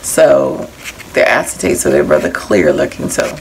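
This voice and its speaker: A woman's voice: a bass voice, big pitch swings, moderate pace, gravelly, noisy background. A woman casually showing off craft supplies she bought, rambling a little and reading out prices and item numbers. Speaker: crafting haul vlogger.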